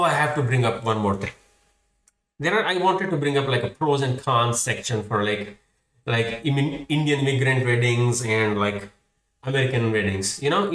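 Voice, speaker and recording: A young man rants through a comedic monologue with a wry edge, swearing freely. His voice sits at an ordinary middle pitch. It echoes around the room from a mic set some distance away. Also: fairly bright tone. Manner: profane, ranting, wry. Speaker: podcast host.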